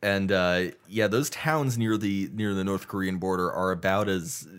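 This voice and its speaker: A man's voice: low-pitched, moderate pace, fairly bright tone, clear, resonant tone. A man co-hosting a podcast in casual chat, rambling with many fillers and the odd swear. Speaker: podcast co-host.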